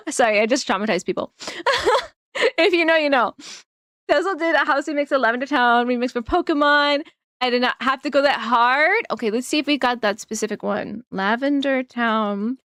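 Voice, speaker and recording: A woman's voice: sits high, moderate pace, a bit bright, dry recording, clean studio sound. A woman streamer chatting casually on a live stream, giggling often and rambling through plenty of fillers.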